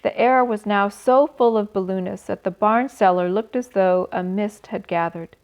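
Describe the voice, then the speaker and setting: A woman reading a children's book aloud in a gentle, expressive way, adding small asides for her listeners. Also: mid-range voice, normal speed. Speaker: storyteller. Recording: slightly dull recording.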